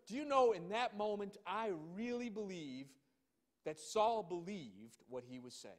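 High-voiced male preacher in echoing hall. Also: lively intonation. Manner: reads scripture slowly and emphatically, then comments with rhetorical questions. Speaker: pastor. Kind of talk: sermon with scripture reading. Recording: long hall reverb.

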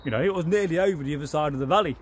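A man's voice: a little high, rapid-fire, a little hiss or hum. A man with an English accent telling a folktale in a rambling, chatty way, full of asides. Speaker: storyteller. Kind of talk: casual oral folktale telling.

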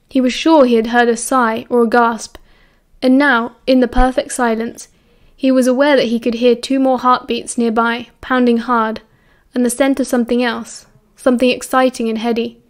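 British woman, audiobook narrator, steady measured storytelling, slightly high voice. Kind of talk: audiobook reading.

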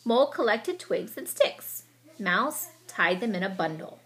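A woman reading a children's picture book aloud with expressive storytelling, and she sometimes stops to explain the story. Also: mid-range voice, measured pace.

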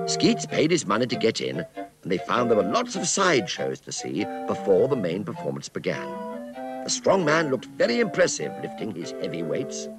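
A man narrating a children's story in an expressive, scripted storytelling manner. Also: fairly low pitch.

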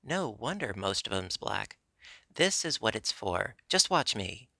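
A man's voice: fairly low pitch, sing-song, a little slow, vocal fry, pushed and bright, no echo, heavily acted. A man reading a chatty young Yorkshire maid in broad, homely dialect, in a dry, close audiobook recording. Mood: eager.

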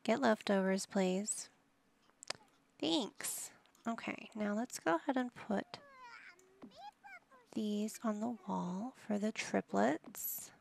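A woman's voice: mid-range voice, slow pace, creaky, pauses often, slight background noise. A woman hosting a life-sim gameplay video in casual commentary, directing her characters like a patient parent with wry, mildly exasperated asides. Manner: bossing game characters around like a patient parent. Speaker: gaming channel host.

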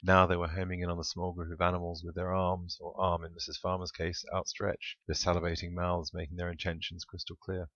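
A man, the author, reading his own comic story aloud in a wry, deadpan narration. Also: low-pitched, fairly quick, hardly any pauses, no echo, muffled recording. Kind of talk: audiobook narration.

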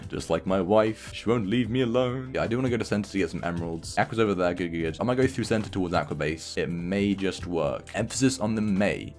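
A man's voice: on the low side, sing-song, a little fast, hardly any pauses. A man giving sarcastic, self-mocking commentary over his own gameplay as a video host. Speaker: gaming YouTuber.

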